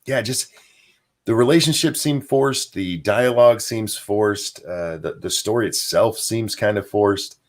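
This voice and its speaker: Low-voiced man hosting a rambling livestream. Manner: rambling, with frequent fillers and chuckles; answers viewer chat and donations aloud. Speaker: livestream show host. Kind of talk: casual livestream chat.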